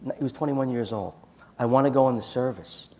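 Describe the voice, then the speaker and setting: A man's voice: mid-range voice, a little fast, mellow. A man giving a storytelling talk at a church conference, acting out quoted dialogue in his anecdotes. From United States.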